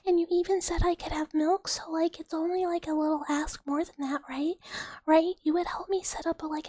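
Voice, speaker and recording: A woman voicing a small scheming female mouse who pleads sweetly for favors, in a breathy, whispered role-play. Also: extremely high pitch, darkish tone, dry recording, voice pushed up. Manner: wheedling, whining, begging for favors.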